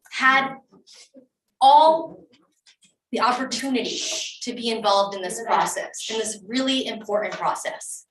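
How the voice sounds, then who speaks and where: At a public meeting in a municipal room, a township committee member presses her point with emotion and insistence, frequently starting sentences over. She has a mid-range, fairly bright voice. Slight background noise comes through, and the distant mic makes the room sound echoey.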